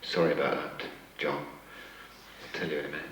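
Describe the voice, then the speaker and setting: A man, a guest actor at a fan convention, telling rambling, self-mocking anecdotes with many pauses and restarts. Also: a bass voice, little pitch movement, a bit bright, a little hiss or hum. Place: large convention hall with an audience. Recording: echoey hall from far off.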